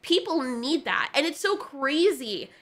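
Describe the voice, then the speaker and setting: A woman's voice: high voice, sing-song, unhurried, fairly bright tone. A young woman talking in an earnest, impassioned and rambling way, giving casual commentary and telling a story from her life. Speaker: video reviewer.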